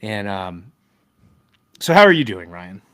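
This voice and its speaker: A man in his thirties co-hosting a casual sports podcast, chatty and joking, with animated retellings. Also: fairly low pitch, a little slow, clear, resonant tone. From Ohio. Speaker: podcast co-host.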